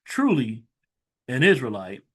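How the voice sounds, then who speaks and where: A man reading scripture aloud slowly and stopping to explain it in loose, conversational asides, like a Bible teacher. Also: mid-range voice, huge pitch swings, slightly rough. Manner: reads verses slowly, then breaks into loose conversational asides. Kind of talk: scripture reading with casual commentary.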